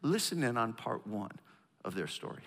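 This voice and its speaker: A man's voice: mid-range voice, very animated, moderate pace, fairly bright tone, long reverb tail. A man from the northern United States preaching a sermon, emphatic and calling the congregation to repeat lines after him. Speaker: pastor. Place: large church auditorium.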